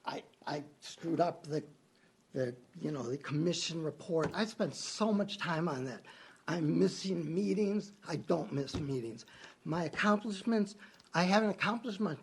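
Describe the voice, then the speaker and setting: A man's voice: fairly high pitch, lively intonation, measured pace, creaky, a little hiss or hum. A man speaking as mayor at a city council meeting, upset and defensive, repeating himself as he argues his case. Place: council chamber.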